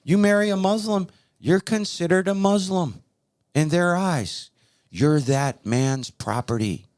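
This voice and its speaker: A man's voice: sits high, unhurried, a little mellow. A man hosting a talk show, preaching in a heated, emphatic and repetitive way. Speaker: podcast host.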